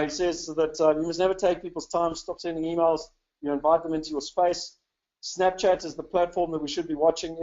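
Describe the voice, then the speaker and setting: A South African webinar presenter gives a casual, chatty, upbeat talk full of "you know" fillers. His voice is a little high and a little mellow, and the audio sounds dull.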